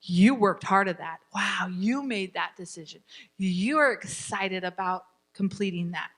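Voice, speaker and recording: A woman's voice: medium pitch, a little slow, a bit bright. A woman teaching a parenting class, encouraging her students and acting out what parents and children say.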